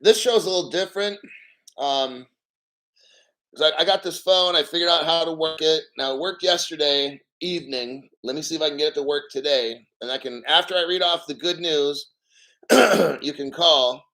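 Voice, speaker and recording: A man hosting a live-streamed crypto show, reading an article aloud and riffing on it in an excitable, profane way, often claiming he is about to cry. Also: on the high side. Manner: profane, excitable, mock tearful; reads article aloud slowly, then riffs. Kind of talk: live-stream commentary with callers.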